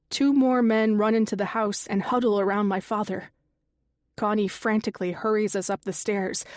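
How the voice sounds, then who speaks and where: A woman reading a first-person thriller audiobook in a slow, measured way, lifting her voice for quoted characters. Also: medium pitch, a little mellow, dry recording, studio quality. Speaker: audiobook narrator. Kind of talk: scripted narration.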